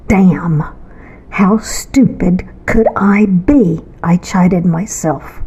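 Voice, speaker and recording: A woman reads her own story aloud, building suspense with measured pauses. Her delivery is slow and unhurried. Her tone stays mellow and warm throughout. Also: on the low side, slightly rough, low-quality recording. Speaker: author and narrator. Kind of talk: storytelling narration.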